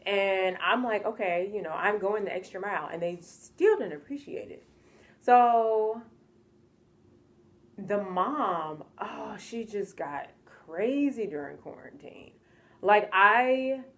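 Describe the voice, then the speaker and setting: A young American woman tells a casual storytime vlog with animation and exasperation, acting out what people said to her. Her voice is mid-range.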